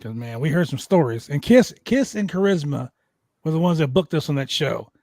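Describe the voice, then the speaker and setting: A man hosting a wrestling podcast, telling a road story with heavy swearing and lively energy. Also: fairly high pitch, brisk, no echo. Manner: animated, profane storyteller. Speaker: podcast host.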